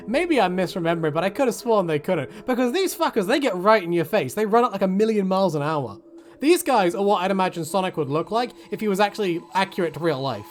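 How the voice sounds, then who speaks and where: A man giving casual, joking game commentary, chatty and swearing freely as he acts out the characters. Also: high-pitched. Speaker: gaming video host.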